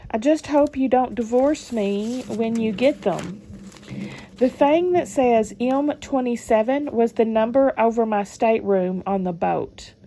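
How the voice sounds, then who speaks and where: A woman's voice: a little high, a little slow, warm tone, a little hiss or hum. A woman, reading old letters aloud and adding chatty comments between them. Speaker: channel host reading family letters.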